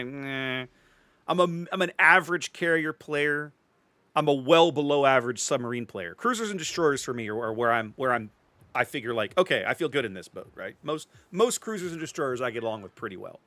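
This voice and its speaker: A man's voice: medium pitch, animated, fairly quick, sharp tone, no room sound. A man streaming a video game, chatting casually with viewers and often repeating words as he thinks. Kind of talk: casual live-stream commentary.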